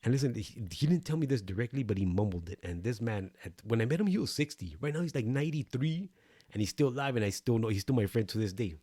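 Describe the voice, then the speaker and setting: A man's voice: medium pitch, animated, fast, dark tone, slightly rough, no echo, studio quality. A man co-hosting a podcast, telling his own story in a loose, profane, streetwise way. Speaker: podcast co-host. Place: El Paso recording studio.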